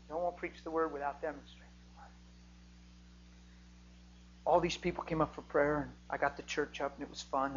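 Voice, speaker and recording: A man preaching a sermon, telling a healing story and rising to near-shouting when he gets excited. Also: a little high, lo-fi sound, slight background noise.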